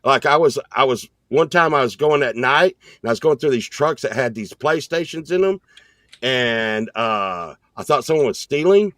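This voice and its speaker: A man's voice: medium pitch, moderate pace, no room sound. Rambling storyteller man, dry close mic. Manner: animated storyteller, excited and rambling. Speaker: podcast co-host. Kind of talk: casual storytelling chat.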